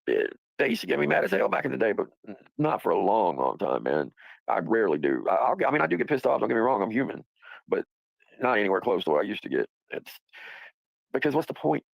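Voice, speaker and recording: A man's voice: fairly low pitch, wildly swooping pitch, fast, gravelly, no echo, rough recording. A man hosting a livestream, talking in a rambling, profane, casual way and laughing often. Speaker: livestream host.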